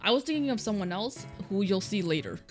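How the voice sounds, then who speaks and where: A chatty young woman giving casual let's-play commentary, her voice lively and full of ups and downs. Faint game music plays beneath her. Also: medium pitch, brisk. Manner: chatty, giggly.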